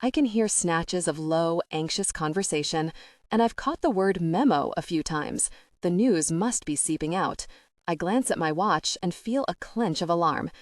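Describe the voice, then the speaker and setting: A woman's voice: on the low side, expressive, moderate pace, no echo, clean studio sound. A woman narrating a romantic comedy audiobook in the first person, wry and conversational.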